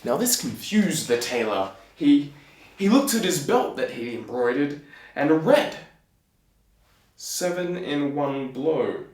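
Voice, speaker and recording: A man telling a fairy tale with playful, chatty asides to the listener. His slightly high voice swings up and down a lot, and he takes his time. The recording rings with room echo. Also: sing-song, a little slow, darkish tone. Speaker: storyteller. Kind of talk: casual storytelling with asides. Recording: echoey room.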